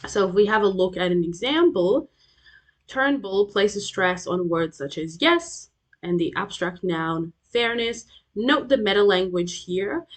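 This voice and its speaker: A young adult woman with an Australian accent, a tutor explaining a lesson over slides, with fillers and frequent checks like "okay?". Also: fairly low pitch. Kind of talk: recorded lecture over slides.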